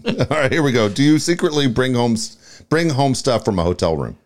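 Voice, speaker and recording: A man co-hosting a casual podcast, telling a story in a relaxed, swearing way. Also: mid-range voice, moderate pace, a little hiss or hum. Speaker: podcast co-host.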